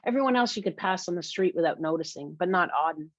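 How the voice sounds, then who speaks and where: A woman's voice: lowish voice, lively intonation, fast, no room sound. A woman narrating a first-person novel in a confessional, wry way, in a muffled lo-fi recording. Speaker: audiobook narrator. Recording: dull, dry lo-fi recording.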